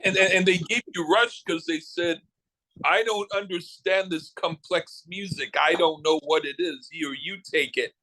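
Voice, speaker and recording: Teasing man with a high voice. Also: measured pace, sharp tone, low-quality recording. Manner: teasing, stammering restarts. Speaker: podcast co-host. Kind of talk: casual chat.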